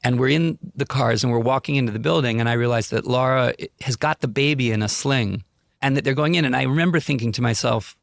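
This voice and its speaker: A man's voice: medium pitch, quick pace, gravelly, dry recording, clean studio sound. A man guest on a talk show, animatedly telling a vivid anecdote and acting out the people in it. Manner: animated, vivid storyteller who acts out other people. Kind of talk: storytelling anecdote on a podcast.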